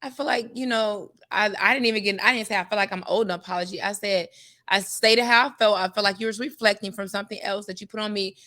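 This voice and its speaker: Fast, bright-voiced woman chatting earnestly. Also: mid-range voice, steady tone. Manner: quick, earnest, recounts her dating story. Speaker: podcast co-host. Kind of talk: casual chat. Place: bar on location.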